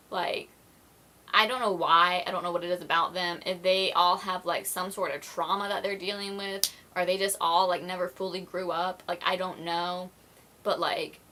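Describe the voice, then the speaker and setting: A woman vlogger talking casually straight to her viewers, voice bright and forward. She rambles with lots of "like" fillers, keeps apologizing, and slips into quick acted-out snippets of conversations. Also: fairly low pitch. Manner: chatty, filler-heavy, apologetic, acts out quoted exchanges. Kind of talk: casual vlog chat to camera.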